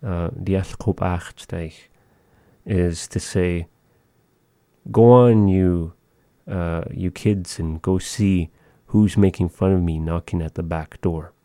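Slow, deep-voiced man teaching a language. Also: level tone, dark tone, no room sound, studio quality. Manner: slow, measured, pausing often. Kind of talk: language lesson, thinking aloud.

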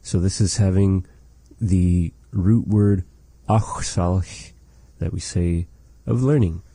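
A man teaching a language lesson, saying phrases slowly and carefully and repeating them for learners. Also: deep voice, vocal fry, mellow, husky, no echo.

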